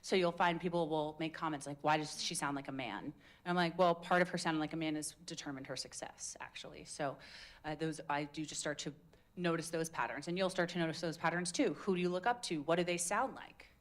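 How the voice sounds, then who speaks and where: A woman's voice: sits low, a little fast. A woman coaching a live public speaking workshop, talking in an upbeat, casual, demonstrative way into a handheld mic. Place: indoor meetup room with a group. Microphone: handheld microphone.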